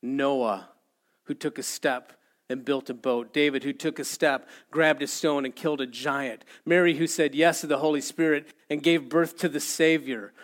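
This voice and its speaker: A man preaching a sermon, telling a story with animated delivery and shouting out the lines he acts out. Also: a little high, moderate pace. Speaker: pastor.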